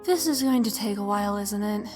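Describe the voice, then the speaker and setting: A woman's voice: medium pitch, fairly quick, a little mellow, soft background music, natural voice. A woman voicing a wry, supportive female officer in a fan audio drama.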